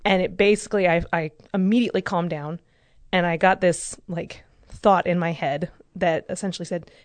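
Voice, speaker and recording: Woman in her thirties, low voice, candid personal storytelling, dry close sound. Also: fairly even intonation, moderate pace, no room sound. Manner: candid, emotional storytelling with laughs. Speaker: discussion participant. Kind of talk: casual group discussion.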